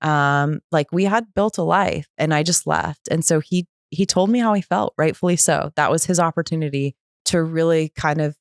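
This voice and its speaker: A woman in her thirties, a podcast guest telling a candid personal story and acting out the voices of others with lively pitch jumps. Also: normal speed, vocal fry, no echo, clean studio sound. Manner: animated, acts out quoted voices with pitch jumps.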